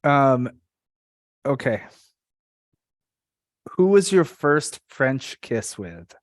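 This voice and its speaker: A man's voice: mid-range voice, big pitch swings, extremely slow, dry recording, studio quality. A man hosting a podcast, chatting in a rambling way and laughing easily. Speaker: podcast host. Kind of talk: casual podcast chat.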